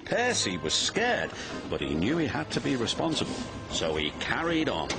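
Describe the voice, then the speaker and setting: A man narrating a children's storybook in an expressive read-aloud style. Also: medium pitch, moderate pace, creaky, over music. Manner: expressive, animated.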